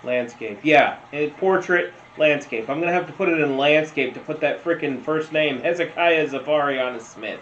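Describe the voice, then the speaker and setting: A man's voice: on the high side, a bit bright. A man doing casual meme reaction commentary, rambling, telling stories and laughing often. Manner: slow, rambling, laughs a lot. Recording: roomy, dull lo-fi sound with faint noise.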